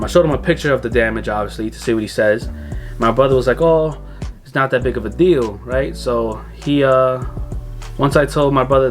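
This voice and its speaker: A young man vlogging about cars, telling a story casually and animatedly, swearing freely and acting out what other people said. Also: medium pitch. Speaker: car vlogger.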